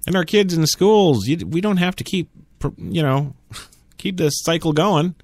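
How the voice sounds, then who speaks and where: A man's voice: a little high, animated, a little slow, a little mellow, dry recording. A man hosting a talk radio show, arguing bluntly and sarcastically with imagined listeners. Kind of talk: opinionated solo talk radio monologue.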